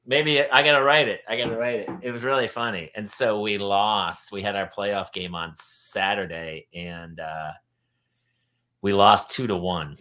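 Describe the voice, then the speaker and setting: A middle-aged man hosting a casual panel chat, telling stories and jumping into loud, high voices when he quotes people. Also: steady tone, moderate pace. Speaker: host.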